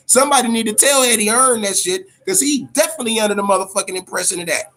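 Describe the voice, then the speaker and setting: Male boxing vlogger, high-pitched, profane, animated ranter. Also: quick pace, few pauses. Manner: profane, animated, laughing asides. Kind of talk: casual boxing commentary rant.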